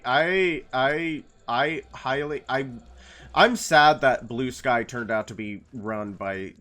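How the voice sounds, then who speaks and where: A man's voice: fairly low pitch, fairly bright tone. A man casually chatting while streaming a video game, rambling and playful, slipping into silly voices. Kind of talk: casual gameplay commentary.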